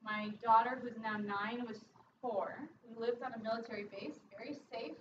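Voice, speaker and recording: A woman's voice: on the high side, fairly even intonation, moderate pace, fairly bright tone. A woman in her thirties, a therapist giving a casual workshop talk, joking and quizzing her audience. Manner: chatty, jokey asides, quizzes the audience. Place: lecture room. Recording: echoey, distant, dull and noisy.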